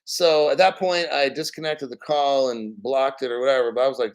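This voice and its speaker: A man's voice: mid-range voice, fairly quick, rough recording. A man hosting a casual crypto stream, rambling bluntly and swearing freely. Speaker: crypto show host. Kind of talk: casual live-stream rant.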